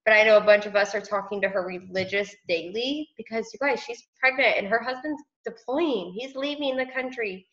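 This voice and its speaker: Soft casual team leader on a muffled call. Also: female voice, on the high side, fairly quick, few pauses. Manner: casual, soft-spoken, says "like" often. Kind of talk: casual motivational group call. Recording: dull lo-fi call audio.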